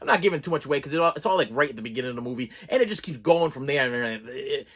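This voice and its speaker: A man's voice: medium pitch, rapid-fire, heavy background noise. A man reviewing a movie in a casual, exasperated rant, full of repeats and restarts. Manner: animated, exasperated, repeats himself.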